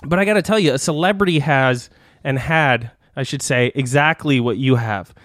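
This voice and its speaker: A man's voice: medium pitch, moderate pace, fairly bright tone, no room sound, clean studio sound. A man hosting a comedy podcast, rambling and laughing through a joke bit where he reads out fake diagnoses as a doctor. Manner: rambling, laughing, with frequent restarts.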